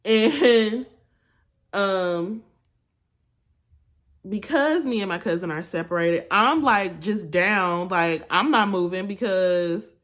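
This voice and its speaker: A young woman chatting through a storytime while doing her makeup, with animated asides to her viewers, recorded on a phone at home. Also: medium pitch, slow, long pauses. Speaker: beauty vlogger. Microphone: phone camera.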